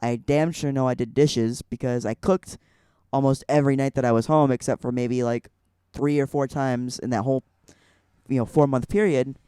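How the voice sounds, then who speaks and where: A man's voice: mid-range voice, steady tone, normal speed, mellow, smooth, dry recording, clean studio sound. A young man from Illinois telling a personal story on a podcast, rambling with lots of "like" fillers. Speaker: podcast guest. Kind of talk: casual storytelling.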